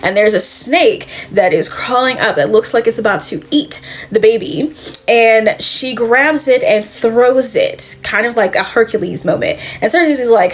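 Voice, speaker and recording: Chatty higher-voiced woman reviewing comics. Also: animated, a little slow. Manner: chatty, profane, acts out quoted lines. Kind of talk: casual retelling of a comic plot.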